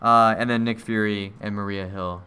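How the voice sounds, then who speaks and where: Smooth-voiced man recapping a movie. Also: on the low side, moderate pace. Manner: animated recapping, acting out characters' lines. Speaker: movie discussion co-host. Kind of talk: casual chat.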